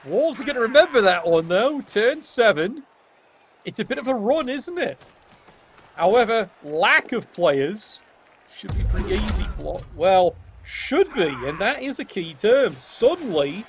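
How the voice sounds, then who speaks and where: A man's voice: high voice, a little hiss or hum. A man giving casual, jokey play-by-play commentary on a video game match, swearing freely and keeping a wry tone.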